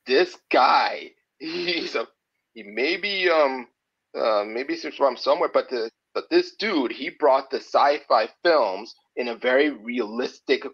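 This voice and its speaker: A man chatting casually, talking in halting bursts full of restarts and fillers and laughing at his own jokes. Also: mid-range voice, fairly bright tone, slightly rough. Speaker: guest. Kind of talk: casual chat. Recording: dull lo-fi sound.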